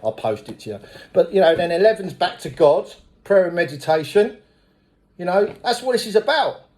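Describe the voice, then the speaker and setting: A middle-aged man with a blunt, swearing manner, telling his recovery story at a meeting as a lively storyteller. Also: sits high, normal speed. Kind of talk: personal recovery testimony.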